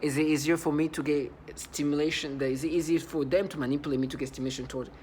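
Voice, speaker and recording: A man talking to camera in a rambling, halting monologue, repeating words and stressing points earnestly. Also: on the high side, fairly even intonation, a little mellow, a little hiss or hum. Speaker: vlogger.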